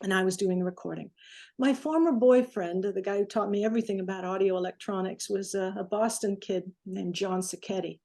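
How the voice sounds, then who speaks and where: Mellow-voiced woman telling a story. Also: mid-range voice, a little fast. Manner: animated storyteller, acts out quotes. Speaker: guest, recording engineer. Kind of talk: storytelling in an interview.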